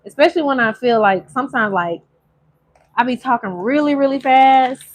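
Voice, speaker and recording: A woman's voice: sits high, expressive, slight background noise. Chatty emotional tarot reader woman. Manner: chatty, emotional, drawn-out sung phrases. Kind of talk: casual spiritual reading to viewers.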